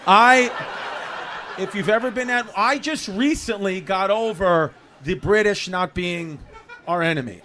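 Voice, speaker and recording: A man with a rather high voice rants through a stand-up set, animated and exasperated. He talks into a handheld stage mic in a comedy club. The live recording carries clear room noise behind him. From New York City. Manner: animated, exasperated ranting with bursts of laughter.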